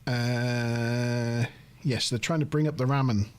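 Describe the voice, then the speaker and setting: A man's voice: medium pitch, fairly even intonation, slow, clear, resonant tone. A man hosting a casual TV review podcast, recapping an episode in a rambling, self-deprecating way full of fillers. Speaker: host of a TV review show.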